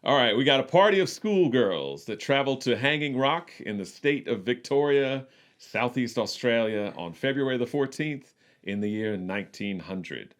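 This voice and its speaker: A man co-hosting a casual movie podcast, relaxed as he recaps the plot. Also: medium pitch, moderate pace. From United States. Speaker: podcast co-host.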